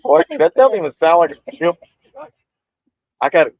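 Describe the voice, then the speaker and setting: A man's voice: a little high, big pitch swings, measured pace, no room sound. Sarcastic male co-host, dry dull mic, casual reaction chat. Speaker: podcast co-host.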